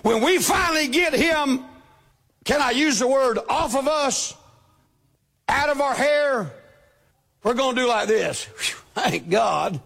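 A man preaching a sermon, with a shouting preacher's cadence, acting out the voices he quotes. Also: very high-pitched, measured pace, pauses often. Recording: long hall reverb.

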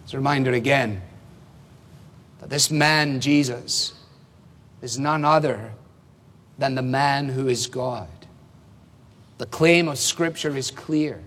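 A man preaching a sermon, explaining a passage slowly and emphatically, with rhetorical questions. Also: mid-range voice, fairly bright tone, big-room sound.

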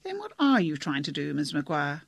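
Pompous doctor, declamatory and stern, gravelly and husky, read by a man. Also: fairly high pitch, wildly swooping pitch, normal speed, a bit bright, no room sound, exaggerated voice. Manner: declamatory, speechifying.

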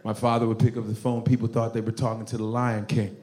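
A male stand-up comedian on a club stage, delivering a loud, animated, profane set. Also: on the low side, fast. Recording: roomy club with crowd laughter and noise.

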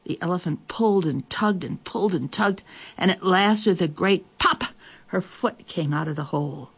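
Storyteller, fable reading, measured, expressive, gravelly, mid pitch.

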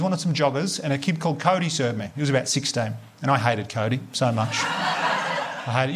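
A man's voice: mid-range voice, steady tone, normal speed, a bit bright, slight background noise. An Australian man doing a stand-up comedy set, chatty and sweary, acting out bits of dialogue with the crowd. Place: comedy venue with live audience.

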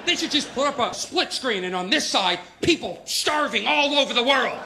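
A man's voice: very high voice, expressive, normal speed, sharp tone. A man doing an incredulous stand-up rant before a live audience. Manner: incredulous, ranting. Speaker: stand-up comedian. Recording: noisy live audience recording.

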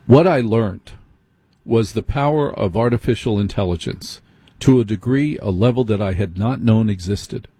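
A man's voice: on the low side, normal speed, warm tone, husky, no room sound. A middle-aged man hosting a late-night radio talk show, speaking conversationally and putting direct questions to his listeners.

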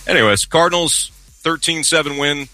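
A man's voice: on the high side, moderate pace, pushed and bright, soft background music. A man hosting a sports radio show in a studio, talking casually and easygoing, laughing often and restarting his sentences. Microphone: studio microphone.

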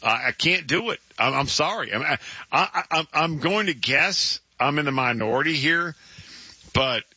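Male sports radio co-host, bright and forceful, emphatic with stammering restarts, dry and slightly dull studio sound. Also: fairly high pitch, expressive, normal speed, slightly rough, no echo. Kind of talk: casual sports radio banter. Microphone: studio microphone.

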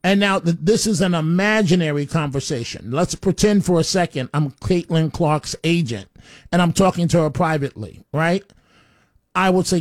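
A man's voice: fairly high pitch, moderate pace, no echo, clean studio sound. Blunt, stammering talk radio host man. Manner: blunt, rambling, stammers with repeated words. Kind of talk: opinionated talk radio monologue. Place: radio studio.

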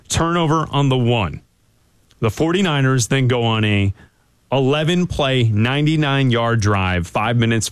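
Dry-miked chatty sports radio host. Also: male voice, mid-range voice, no room sound. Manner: chatty, teasing, reads promos briskly. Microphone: studio microphone.

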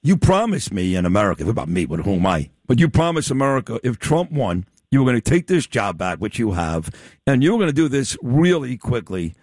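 A man's voice: big pitch swings, a little fast, darkish tone, no echo, studio quality. A man hosting a radio interview, talking emphatically and teasingly to his guest. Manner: emphatic, sweeping pitch swings, teasing. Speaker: radio host. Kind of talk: opinionated talk radio interview.

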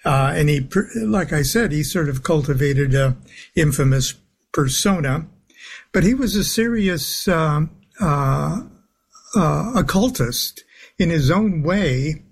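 A man speaking as a guest on a talk radio show, halting and full of filler sounds, with soft chuckles. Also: a little high, lively intonation, creaky, breathy edge. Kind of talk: phone-in talk radio interview.

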